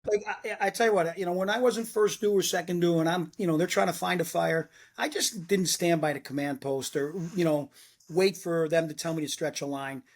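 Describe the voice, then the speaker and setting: A man's voice: a little high, brisk. A middle-aged man, a former fire lieutenant telling blunt stories in a casual chat and acting out what people said. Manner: blunt, animated storyteller who acts out quotes. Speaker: retired fire lieutenant, podcast guest.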